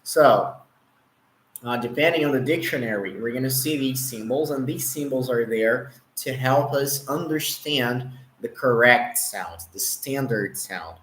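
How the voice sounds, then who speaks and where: Slow Brazilian teacher in a roomy room. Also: male voice, medium pitch, a bit bright, slight background noise. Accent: Brazilian Portuguese. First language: Portuguese. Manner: slow, explanatory, checks in with viewers, demonstrates sounds. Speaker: English pronunciation teacher. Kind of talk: online pronunciation lesson.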